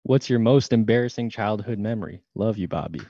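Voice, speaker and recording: A man reading fan names and questions aloud to an author in a low-key way. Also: a little fast, mellow, breathy edge, dry recording, highs cut off.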